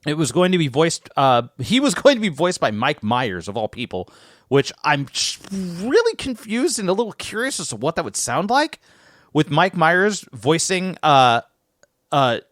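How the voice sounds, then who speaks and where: Animated man on a dry podcast mic. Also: a little high, normal speed, no echo. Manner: animated, swearing, many restarts. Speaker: podcast co-host. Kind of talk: casual podcast chat.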